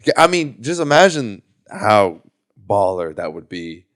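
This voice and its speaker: A young man, a comedian on a podcast panel, rambling and animated as he riffs on the news. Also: on the low side. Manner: animated, rambling, quick to laugh. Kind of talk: casual panel chat.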